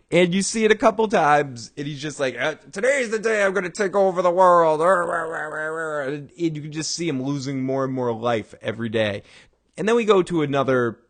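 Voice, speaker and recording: A man hosting a casual talk show, recapping a TV episode in a rambling way, with frequent restarts and chuckles. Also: mid-range voice. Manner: acts out quoted lines in bursts of raised voice. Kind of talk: casual chat.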